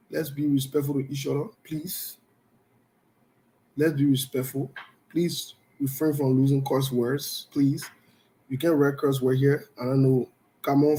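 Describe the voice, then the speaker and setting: A man's voice: a little high, mellow. A man hosting a live call-in talk show, stern and preachy, repeating his warnings and laughing between them.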